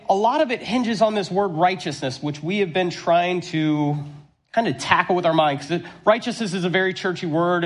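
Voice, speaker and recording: A man in his thirties with a high, light voice preaches to his congregation. He tells stories with animated, self-deprecating humor, then slows down to read scripture. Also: breathy edge. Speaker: pastor. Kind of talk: sermon.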